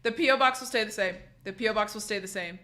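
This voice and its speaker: A young woman streaming, chatting casually with her viewers while sick, her voice going hoarse; blunt, swearing freely, often restarting sentences. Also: mid-range voice, quick pace, sharp tone. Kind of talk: casual chat reading a live chat.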